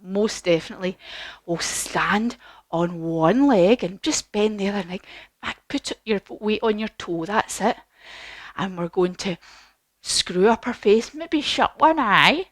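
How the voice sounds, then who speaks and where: Animated woman telling a kids' yoga story. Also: medium pitch, a little slow, no echo. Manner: animated, encouraging, with gasps. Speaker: kids yoga teacher. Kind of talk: storytelling yoga lesson for children.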